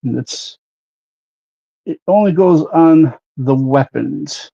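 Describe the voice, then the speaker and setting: A man's voice: fairly high pitch, takes it slowly, vocal fry, warm tone, highs cut off. A man hosting a livestream, chatting casually while airbrushing a model and greeting viewers by name. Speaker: livestream host.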